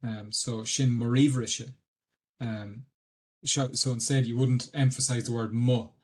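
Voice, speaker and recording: Irish guy on a video call, pretty monotone, lots of ums and restarts. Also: medium pitch, unhurried. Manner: hesitant, many ums and restarts. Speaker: dictionary editor giving a webinar talk. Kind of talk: explanatory talk.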